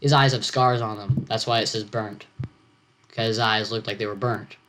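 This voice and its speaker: Teen male author reading his own story; halting, self-interrupting delivery. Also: fairly low pitch, steady tone, fairly bright tone, slight background noise. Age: teens. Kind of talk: reading own fiction aloud with asides.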